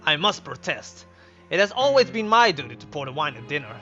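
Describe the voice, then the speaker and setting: A man's voice: a little high, very animated, brisk, bright, forceful tone, dull audio, faint music behind, voice pushed down. A man voicing a formal older butler in a game, prim and fussy.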